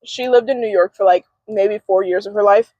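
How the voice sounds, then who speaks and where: A woman's voice: mid-range voice, fairly quick, no room sound, dull audio. A young woman telling stories animatedly in a casual gossip chat, recorded in a parked car. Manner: animated storytelling, acts out quotes. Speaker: co-host.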